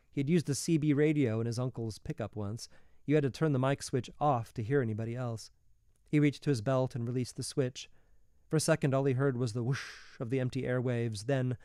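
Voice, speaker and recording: Mellow-voiced man reading a novel. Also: medium pitch, clean tone, dry recording, clean studio sound. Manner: steady, measured storytelling. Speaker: reader.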